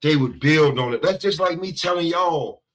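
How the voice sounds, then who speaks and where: A man's voice: on the high side, moderate pace, a bit bright, low-quality recording. A man co-hosting a sports talk podcast, ranting in a loose, profane way and leaning on "bro". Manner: profane, rambling, heavy on "bro". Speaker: podcast co-host. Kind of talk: casual trash-talk chat.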